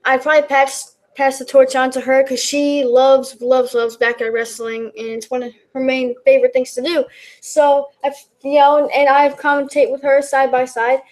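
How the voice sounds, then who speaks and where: High-voiced woman rambling through vlog Q&A. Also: flat delivery, normal speed. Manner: rambling, many fillers and restarts. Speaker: YouTube backyard wrestling commentator. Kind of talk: casual Q&A vlog, reading and answering questions.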